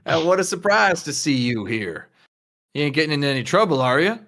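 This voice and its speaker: A man's voice: a little high, very animated, brisk, fairly bright tone. A man voicing a folksy, sly father figure who drawls and teases, in a tabletop game. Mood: jovial. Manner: folksy, drawling, rough grammar.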